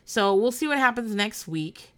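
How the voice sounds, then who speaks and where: Speaking into a podcast microphone, a female host delivers a casual recap full of blunt talk, swearing, and frequent laughter. Her voice is fairly high and expressive at a moderate pace.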